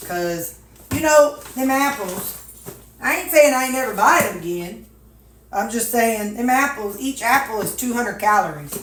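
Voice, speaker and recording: An older woman, a weight-loss vlogger from Missouri, USA, talks casually and folksily to her audience as she packs meals in her kitchen at home, muttering to herself in drawling asides. Her voice runs on the high side, a bit bright, with lively intonation at a moderate pace. The echoey room has clattering dishes and slight background noise.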